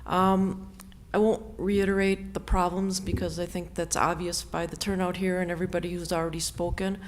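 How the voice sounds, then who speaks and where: A woman's voice: fairly low pitch, level tone, normal speed. A middle-aged woman giving a composed, plain-spoken public comment at a village meeting. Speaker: resident speaking at public comment.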